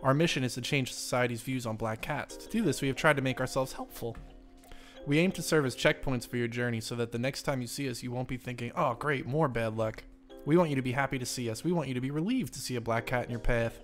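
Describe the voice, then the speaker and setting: A man's voice: medium pitch, quick pace, a bit bright, faint music behind, natural voice. A man reading a lecturing black cat. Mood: earnest. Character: helpful male black cat checkpoint. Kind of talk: reading game dialogue aloud.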